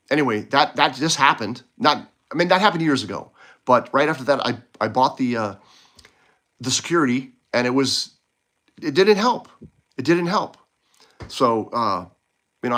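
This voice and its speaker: A man ranting casually to his viewers, frustrated and rambling, often restarting his sentences and jumping up in pitch when he gets worked up. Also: fairly bright tone. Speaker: video blogger. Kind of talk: casual rant to camera. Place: home in Poland.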